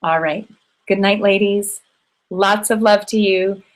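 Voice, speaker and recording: A woman's voice: medium pitch, steady tone, slow, poor audio. Affectionate woman hosting a circle. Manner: affectionate, encouraging, with frequent ums. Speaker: host of an online women's circle. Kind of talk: warm closing remarks to a live online group.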